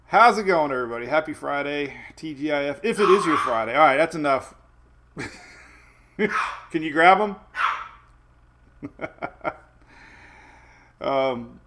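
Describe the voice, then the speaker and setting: A man's voice: on the high side, fairly bright tone. Chatty man hosting a livestream. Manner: chatty, laughs often, talks to his dogs. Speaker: host of a weather livestream. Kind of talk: casual livestream chat. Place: home with dogs around.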